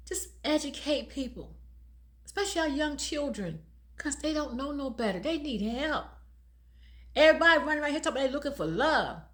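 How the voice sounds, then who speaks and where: An older woman in her sixties talks straight to the camera with a fairly high voice that swoops up and down. She speaks as a domestic violence advocate, emphatic and a bit preachy, breaking into laughter often between her points. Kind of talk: casual talk to camera.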